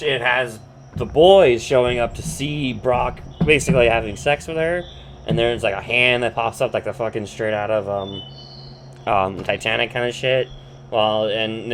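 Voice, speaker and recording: A man's voice: mid-range voice, fairly bright tone, a little hiss or hum. Rambling, swearing podcast host, a man. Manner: rambling, profane, full of fillers and restarts. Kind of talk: casual episode recap.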